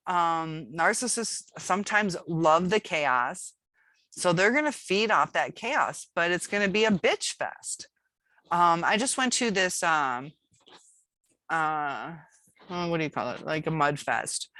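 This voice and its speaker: A woman hosting her own channel talks straight to her viewers in a loose, rambling way, full of ums and restarts. Her voice sits low. The recording is dry, with no room sound. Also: fairly bright tone, no room sound. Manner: rambling, many fillers and restarts, candid. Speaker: channel host. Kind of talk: casual talk to camera.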